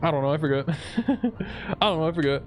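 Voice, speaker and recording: This young video creator rambles casually over his own gameplay, using "dude" again and again, while faint game music plays. He speaks at normal speed in a fairly high, animated voice.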